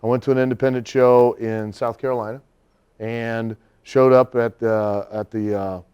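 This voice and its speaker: Guy telling a long funny story in a studio interview, animated, laughs a lot, acts out the other people. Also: mid-range voice, moderate pace, clear, resonant tone, muffled recording. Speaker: guest storyteller.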